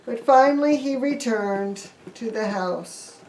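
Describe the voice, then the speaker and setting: A woman pastor tells a Bible story for children in a slow, playful manner. Her voice sits a little high. She is recorded from a distance in an echoey room. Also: slight background noise. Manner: lively, playful telling.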